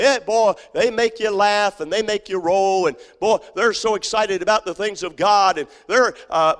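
A man's voice: sits high, a bit bright. A male pastor preaching a sermon, emphatic and repetitive, with frequent fillers and restarts. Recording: long hall reverb.

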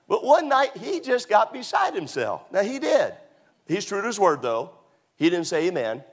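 A man preaching a sermon as a pastor, telling stories with sudden high whoops and shouts. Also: huge pitch swings, normal speed. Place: church auditorium.

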